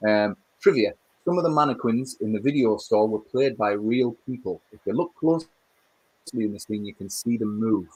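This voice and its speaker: A man co-hosting a casual livestream, talking in an animated, swearing rush. His pitch leaps up when he gets worked up, then drops back to an everyday chatty tone. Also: moderate pace, slightly rough. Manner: animated, swearing, rants with emphasis. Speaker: co-host.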